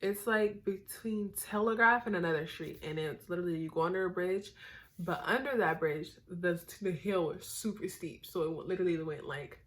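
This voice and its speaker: A young Northern California woman with a lowish voice vlogs to her camera at a moderate pace. It's late at night, and she's tired and goofy, rambling casually with plenty of fillers.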